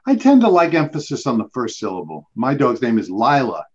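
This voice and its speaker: Host, man, lively playful chatter, dull lo-fi call sound. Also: medium pitch, brisk. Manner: chatty, playful, sings snatches. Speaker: trivia show host. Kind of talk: casual chat over video call.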